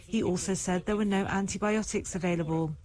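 A woman correspondent reading a scripted news report in a plain, steady way. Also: mid-range voice, brisk, rough recording.

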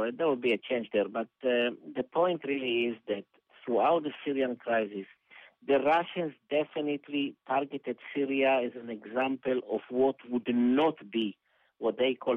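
A man, speaking as an analyst. He explains calmly and deliberately, with plenty of small fillers. The sound is narrow and dry, like a phone call. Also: mid-range voice, no echo. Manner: measured, explanatory, hesitant fillers. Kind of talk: phone interview on a news broadcast. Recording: tinny dry phone line.

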